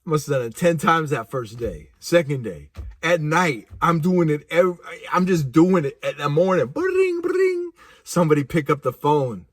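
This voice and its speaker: A man telling a personal story casually, animated and laughing, with vivid sound effects. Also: on the high side, no echo, studio quality. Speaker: speaker.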